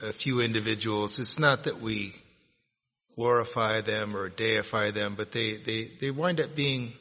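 Bright-voiced man speaking in an echoing hall. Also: fairly low pitch, unhurried. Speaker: recovery meeting speaker. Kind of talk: personal share at a recovery meeting. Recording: long echo of a meeting hall.

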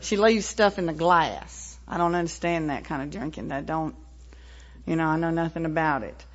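A woman in her forties with a Southern American accent, frankly telling her personal story at a recovery meeting, with pauses and wry asides. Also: sits low. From American South, Tennessee-Mississippi line. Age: 40s. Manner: frank, plainspoken, with fillers and wry laughs. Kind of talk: personal testimony. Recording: dull lo-fi recording.

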